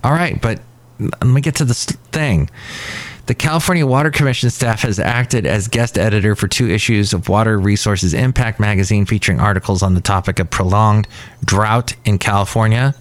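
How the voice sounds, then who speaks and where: A man hosting a casual podcast from outside a cafe. He rants with sarcastic asides in a somewhat low voice. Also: brisk, no room sound. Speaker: podcast host. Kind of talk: casual solo podcast talk.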